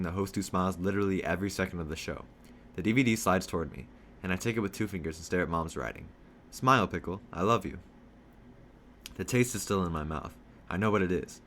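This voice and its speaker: A man reading a novel aloud, telling a first-person story in a steady storytelling manner. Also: low voice, slight background noise. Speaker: reader.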